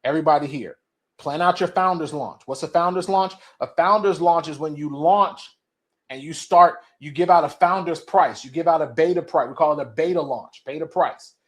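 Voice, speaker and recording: A man's voice: fairly high pitch, moderate pace. Passionate man giving a pep talk. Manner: passionate, preachy, repeats phrases for emphasis. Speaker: speaker at a business event. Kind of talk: motivational talk.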